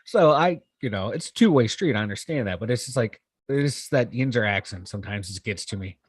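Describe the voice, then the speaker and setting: A podcast co-host from western Pennsylvania speaks briskly in a fairly low voice with a breathy edge, and there's no room sound. Chatting casually, he's animated, sarcastic and self-deprecating, and laughs often.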